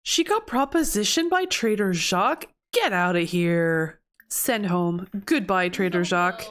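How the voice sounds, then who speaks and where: A young woman giving casual, chatty commentary over gameplay and reacting loudly in disbelief at surprises. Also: lowish voice, expressive, unhurried. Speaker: gameplay video host.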